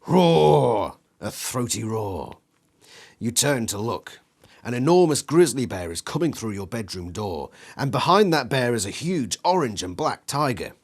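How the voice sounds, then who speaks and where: A man reading an interactive gamebook aloud in an animated way, acting out the sound effects with his voice. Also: medium pitch. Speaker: reader.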